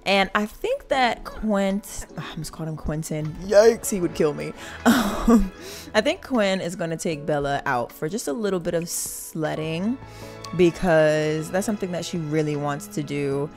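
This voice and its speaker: A woman's voice: lowish voice, lively intonation, unhurried. A young woman giving chatty, giggly commentary on her game, talking to viewers as y'all. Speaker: gaming channel host. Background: game music.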